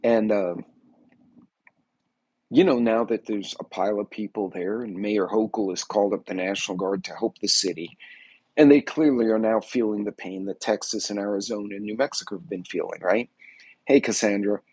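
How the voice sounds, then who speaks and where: A man's voice: on the low side, normal speed, darkish tone, husky, no echo. A man hosting a livestream, chatting casually and rambling as he greets viewers by name. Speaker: livestream host. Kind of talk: casual political livestream chat.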